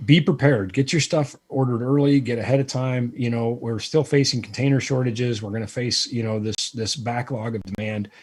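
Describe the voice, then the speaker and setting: Man, husky voice, casual storytelling, self-deprecating, rambling, animated. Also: mid-range voice, normal speed, few pauses. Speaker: guest, lighting presenter.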